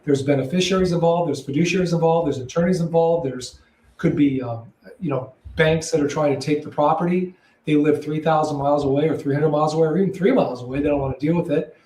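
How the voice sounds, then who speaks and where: A man speaking as a real estate broker guest in a conversational interview, calm and matter-of-fact, repeating himself in short phrases. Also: on the high side, fast, far from the mic. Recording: roomy echo, voice a bit off-mic.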